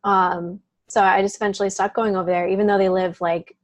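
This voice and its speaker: Chatty and quick to laugh, a woman tells a personal story as an interview guest, her speech full of "like" fillers. She speaks briskly at medium pitch with a level tone, and there's no room sound.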